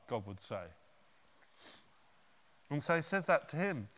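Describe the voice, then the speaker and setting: A man preaching a sermon, retelling a Bible story in an animated way with conversational asides. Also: fairly high pitch, measured pace, long pauses, big-room sound.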